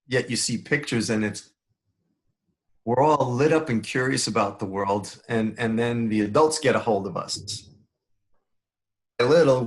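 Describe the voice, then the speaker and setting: An older man from the Bronx with a New York accent, a podcast guest who talks in a playful, joking way and laughs often. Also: mid-range voice. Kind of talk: casual interview chat.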